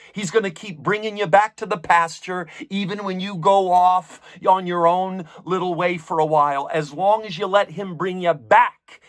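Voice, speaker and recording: A man's voice: high-pitched, fairly bright tone, no echo, studio quality. A man preaching a sermon as pastor, emphatic, with repeated phrases and questions put to his listeners.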